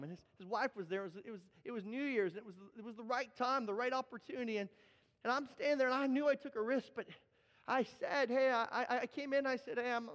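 A man preaching a sermon, telling stories with animated energy and often repeating words as he builds up. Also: extremely high pitch, in a large hall. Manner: animated storytelling, repeats words when excited. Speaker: pastor.

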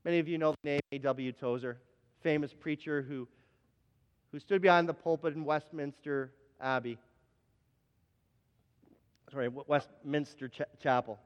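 A man's voice: on the high side, normal speed, pauses often, smooth. A man preaching a sermon as pastor, telling a story with acted-out quotes and often repeating his words. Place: church sanctuary. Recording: dull, reverberant church hall.

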